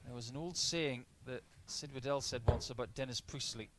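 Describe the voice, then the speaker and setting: A man's voice: mid-range voice, normal speed. A man giving live darts commentary, breaking down averages, doubles and shot choices as play unfolds. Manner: analytical, stat-heavy play-by-play. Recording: noisy line with clicks.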